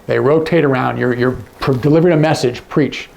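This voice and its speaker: A man teaching sign language to camera, explaining each sign and often dropping to a hush on the example words. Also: medium pitch, a little fast, vocal fry, dull audio, a little hiss or hum.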